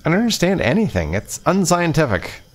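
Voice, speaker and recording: A man's voice: mid-range voice, sing-song, moderate pace, a bit bright. A man voicing a confused, nerdy teenage boy inventor in a visual novel, stammering and bewildered.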